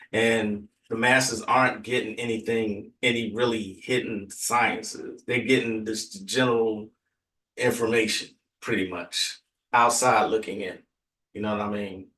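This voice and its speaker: A man's voice: fairly low pitch, fairly bright tone. A man from Texas, hosting a casual livestream chat in a laid-back, rambling way with many fillers. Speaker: livestream host. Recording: roomy, distant from the mic.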